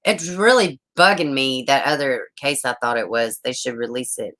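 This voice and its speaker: A woman, chatting on a true crime livestream from home, rambling, excitable and swearing often. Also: rumbling low, moderate pace, low-quality recording. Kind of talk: casual livestream chat.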